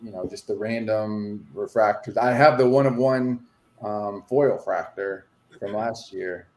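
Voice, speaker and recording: A man's voice: on the low side, a little slow, darkish tone. A man co-hosting a casual chat about collecting, talking hesitantly with many fillers. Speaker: podcast co-host, card collector. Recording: echoey room.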